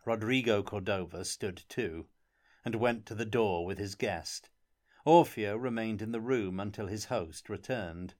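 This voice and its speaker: A man narrating a fantasy audiobook in measured, even storytelling. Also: lowish voice.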